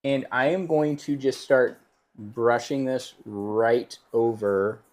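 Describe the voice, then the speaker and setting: A man's voice: mid-range voice, fairly even intonation, takes it slowly, darkish tone. A man teaching a live painting lesson, explaining steps and joking playfully with his co-host. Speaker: painting instructor.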